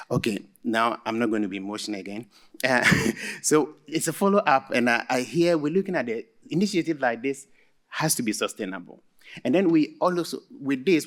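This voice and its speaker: Guy moderating a panel, lowish gravelly voice, gushing thanks to the panel. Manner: warm, effusive thanks with a proverb.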